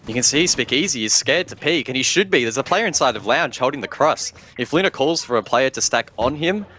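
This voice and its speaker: A man's voice: mid-range voice, expressive, brisk, bright, forceful tone. A man giving analytical colour commentary on an esports match. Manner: analytical, then incredulous. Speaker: esports caster.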